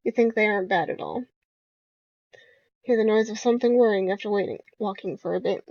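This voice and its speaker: A woman's voice: mid-range voice, brisk, long pauses, darkish tone, dry recording. Woman reading a game aloud, lo-fi. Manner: reads the game text aloud with casual asides. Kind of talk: let's-play narration. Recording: dull lo-fi home recording.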